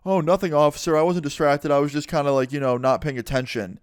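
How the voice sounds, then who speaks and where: A man's voice: fairly high pitch, fairly even intonation, quick pace, clear, resonant tone, no echo, clean studio sound, lightly acted. A man voicing a panicky young male driver who stammers and swears when caught. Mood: nervous denial.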